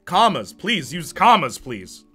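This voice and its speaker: A male streamer chats with his viewers in a loose, joking way and laughs often. His voice is bright and forceful. Faint music plays behind him. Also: fairly high pitch, very animated, a little slow, slightly rough. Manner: jokey, laughs often, talks to chat. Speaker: live streamer. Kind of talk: casual live-stream chat.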